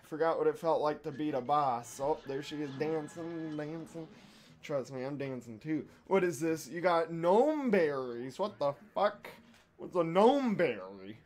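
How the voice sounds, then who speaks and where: A young man giving casual let's-play commentary, profane and excitable, trash-talking the boss and yelling when he wins or loses. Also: on the high side, a little slow. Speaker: gaming YouTuber.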